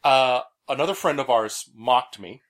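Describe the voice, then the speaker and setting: A man's voice: medium pitch, unhurried. A man hosting a podcast, telling stories casually with many fillers. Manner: animated storyteller, many "uh" fillers. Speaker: podcast host. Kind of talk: casual chat.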